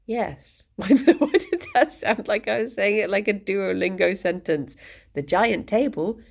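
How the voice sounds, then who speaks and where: Woman streamer, relaxed slow ramble, creaky gravelly tone, laughs a lot. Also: medium pitch. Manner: rambling and chatty, often laughing, coos at her pet. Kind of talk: casual chat to a live stream. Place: home.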